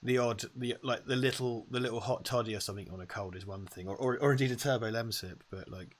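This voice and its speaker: A man's voice: mid-range voice, quick pace. A man co-hosting a casual live stream, swearing freely, a bit tipsy, reading out viewer messages. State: has been drinking. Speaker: co-host. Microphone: lavalier mic.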